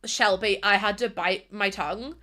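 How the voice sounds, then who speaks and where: A woman's voice: mid-range voice, fairly even intonation, moderate pace, sharp tone. A woman streamer chatting casually with her live chat while gaming, bubbly and giggly, rambling from one thought to the next.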